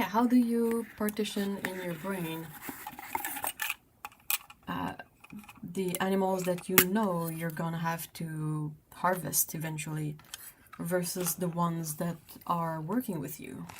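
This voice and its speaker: A woman's voice: on the low side, background noise. A woman hosting a casual livestream, chatting in a rambling way with lots of fillers. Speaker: livestream host.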